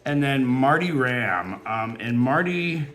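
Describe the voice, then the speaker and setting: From his California home, near a fountain and wind chimes, a man hosts a beading channel with a casual, chatty vlog intro. Warm-hearted and rambling with lots of fillers, he speaks slowly at a medium pitch, animated, his voice quivering with emotion.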